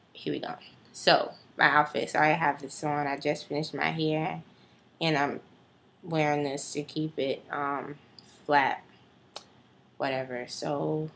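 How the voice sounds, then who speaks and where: Low-voiced young woman chatting casually. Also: level tone, unhurried, vocal fry, slight background noise. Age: early 20s. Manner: chatty, rambling with many fillers and asides. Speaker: vlogger. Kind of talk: casual chat to camera.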